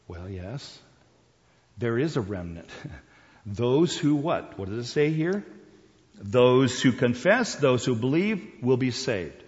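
A man's voice: mid-range voice, sing-song, takes it slowly, a little mellow. Older man teaching Bible, reverberant hall. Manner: folksy and chatty, with chuckles and restarts. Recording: dull sound with long hall reverb.

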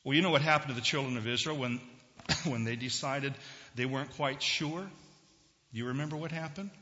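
A man's voice: mid-range voice, brisk, sharp tone. A man preaching a sermon to his congregation in a conversational way, asking them questions as he goes. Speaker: pastor. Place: church sanctuary. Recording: dull lo-fi recording in a reverberant hall.

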